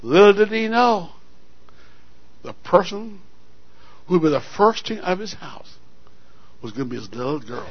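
A man's voice: sits high, expressive, a little slow, long pauses, slightly rough. A male pastor preaching a sermon, telling a story dramatically and calling out to the congregation. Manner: dramatic storytelling, call-and-response.

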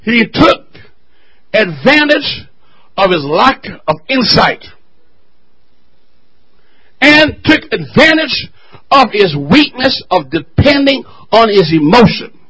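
A male pastor preaching a fiery sermon with call-and-response, building to shouted refrains. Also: very high-pitched, big pitch swings, slow, long pauses, slightly rough, poor audio.

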